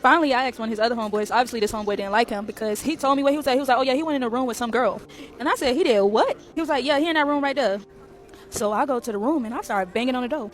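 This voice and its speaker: A woman's voice: fairly high pitch, very fast, soft background music. A woman chatting through a storytime from an airport, talking straight to her viewers. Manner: chatty, addresses viewers as y'all. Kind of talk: casual storytime.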